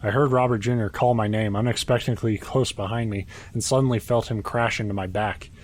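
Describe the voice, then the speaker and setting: Low-voiced man reading a horror story. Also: steady tone, fairly quick. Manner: reads steadily, breaks off to joke and swear. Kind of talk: casual reading aloud with banter.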